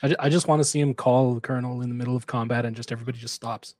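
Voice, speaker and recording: A man chatting as a co-host, tossing in quick joking remarks. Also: mid-range voice, steady tone, a little mellow. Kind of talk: casual chat.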